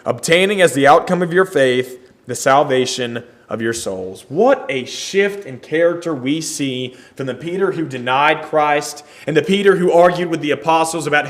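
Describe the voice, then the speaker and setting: A man's voice: a little high, moderate pace. A man leading a Bible study, reading scripture aloud and explaining it earnestly.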